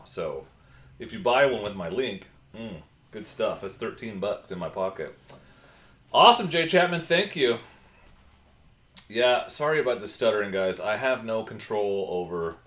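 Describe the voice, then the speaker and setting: Man, livestream host, casual chat, fairly low voice, roomy echo. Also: a bit bright. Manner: chatty, reads and answers viewer comments. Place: indoors at home computer.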